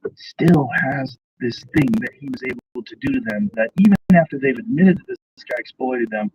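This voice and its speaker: A man of medium pitch tells a story and then poses thoughtful, searching questions in casual talk. His voice sits a little back from the microphone, with faint noise underneath. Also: big pitch swings, fairly quick, creaky, distant mic, lo-fi sound. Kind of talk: casual conversation. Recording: voice a bit off-mic, faint noise.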